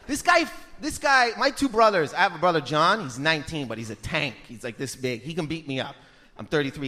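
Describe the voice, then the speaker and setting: A man in his thirties doing a stand-up comedy set, telling animated stories and yelling out impressions of his family. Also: on the high side. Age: 30s.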